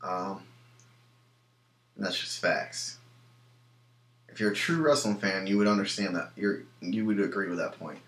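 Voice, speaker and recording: Young male reviewer, lowish voice, casual and opinionated, echoey room. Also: measured pace, long pauses, a bit bright. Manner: rambling, many ums and restarts, opinionated. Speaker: wrestling show reviewer.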